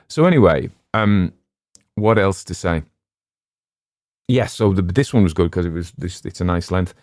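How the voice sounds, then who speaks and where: Deep-voiced rambling Cumbrian man. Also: vocal fry, darkish tone, no echo, clean studio sound. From West Cumbria, England. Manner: rambling and self-deprecating, with many fillers and restarts. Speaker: audiobook narrator and channel host. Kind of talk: casual chat.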